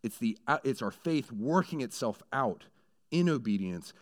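A man preaching a sermon in a conversational way who builds into animated storytelling. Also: medium pitch, moderate pace. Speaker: pastor.

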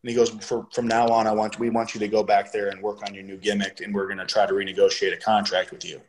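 A middle-aged man casually telling a story, swearing freely and getting animated when he quotes other people. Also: lowish voice, quick pace, slight background noise, low-quality recording.

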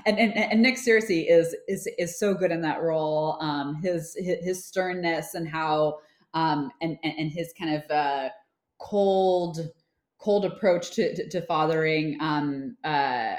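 Chatty woman in a roomy space. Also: sits low. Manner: chatty, many fillers and restarts. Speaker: film producer, guest. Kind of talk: casual interview chat. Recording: roomy echo.

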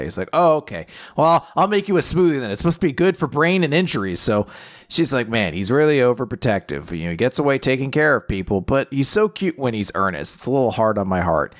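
A man co-hosting a podcast, casually recapping a manga chapter and quoting the characters in quick put-on voices. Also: medium pitch, big pitch swings. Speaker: podcast co-host.

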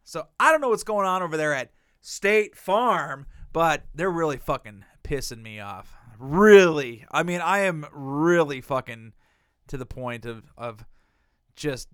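A man's voice: fairly high pitch, lively intonation, takes it slowly, clean tone, dry recording, clean studio sound. A man telling a long, exasperated story in casual chat, swearing a lot and acting out the people he quotes.

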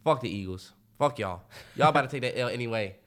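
A man co-hosting a casual sports podcast, loud and trash-talking, swearing a lot. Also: medium pitch, fast. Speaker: podcast co-host.

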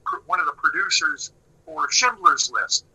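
A middle-aged man telling a long story in casual talk, animated and swearing, acting out what people said. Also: a little high, moderate pace, slightly rough, poor audio. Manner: animated, swearing, acts out quotes.

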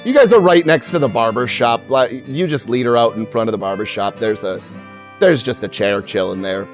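Relaxed male game master narrating. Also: medium pitch, moderate pace, soft background music. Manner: casual, conversational narration.

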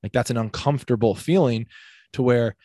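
A young man coaching fitness talks in an upbeat, rambling way, peppering his points with "like". His voice is mid-pitched and the sound is dry and close. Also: a little fast, no echo. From Midwest United States. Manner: energetic, heavy use of "like". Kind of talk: casual podcast conversation.

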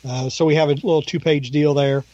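A man at home at night, rambling through a casual comic book recap and jumping his pitch up to mimic characters. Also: steady tone, brisk, dark tone, no room sound, highs cut off. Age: adult. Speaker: podcast co-host.

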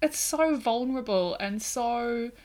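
Woman chatting about a movie, animated, keeps acting out lines. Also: on the high side, measured pace. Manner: animated, acts out dialogue in quotes. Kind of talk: casual film discussion.

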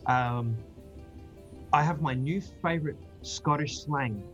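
An Australian man talks casually over a video call, chatty and quick to laugh, stumbling over fillers and restarts. Faint music plays underneath. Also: on the high side, fairly bright tone, highs cut off. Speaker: guest. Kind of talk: casual chat.

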